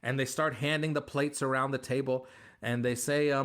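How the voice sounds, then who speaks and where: A comedian man answering interview questions with animated, joking stories, acting out bits of dialogue. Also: medium pitch, moderate pace. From United States. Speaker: comedian guest.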